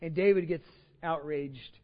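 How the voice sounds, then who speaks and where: A male pastor giving a sermon, retelling scripture in casual everyday language with animated storytelling. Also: on the high side, a little slow. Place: church sanctuary. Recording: reverberant church hall, slightly dull sound.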